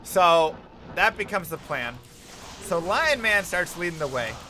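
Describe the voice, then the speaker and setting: A man's voice: high voice, lively intonation, a little slow, pushed and bright, slight background noise. A man telling a rambling, self-mocking story in casual chat while streaming a game.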